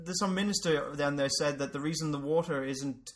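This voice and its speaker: A young man co-hosting a casual comedy chat, sardonic and quick with crude jokes. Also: a little high, fairly bright tone. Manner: sardonic, swearing, dry jokes.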